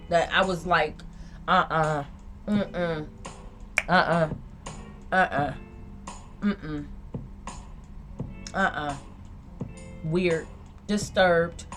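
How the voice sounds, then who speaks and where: A woman who reads tarot, telling a dream in a loose, slangy, rambling monologue. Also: medium pitch. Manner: slangy, rambling, repeats herself. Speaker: tarot reader. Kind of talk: casual monologue recounting a dream.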